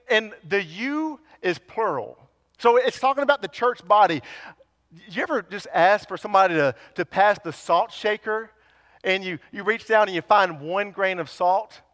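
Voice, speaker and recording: A man with a high, light voice preaches with a drawl. He chats with and teases his congregation, then presses his point through punchy repetition. His words carry a long reverb through the sanctuary. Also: fairly bright tone. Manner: conversational, teasing the congregation, building to emphatic repetitions. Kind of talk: sermon. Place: church sanctuary.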